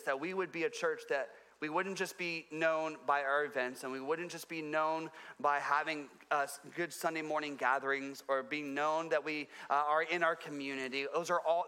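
Bright-voiced pastor preaching in a reverberant hall. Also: male voice, fairly even intonation, moderate pace, smooth. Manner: earnest, repeats phrases for emphasis, drops low and quiet on key points. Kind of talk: sermon. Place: church sanctuary.

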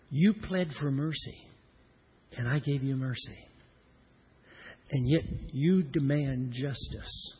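A middle-aged man preaching a sermon, swinging between loud emphatic lines and hushed, slowed-down ones. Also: medium pitch, breathy edge, low-quality recording. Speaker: pastor.

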